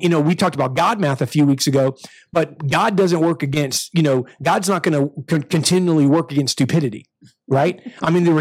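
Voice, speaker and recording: A male pastor delivers a sermon in an emphatic, restarting style that keeps surging upward. His voice sits a little high for a man. The sound is dry and close, with no room around it. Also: slightly rough, dry recording. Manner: emphatic, with repeated restarts and rising bursts.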